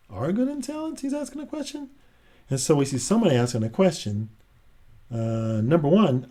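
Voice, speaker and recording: Mellow-voiced man reading a picture book. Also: mid-range voice. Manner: chatty, adds asides and laughs between pages. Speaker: children's book reader. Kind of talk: casual read-aloud of a picture book.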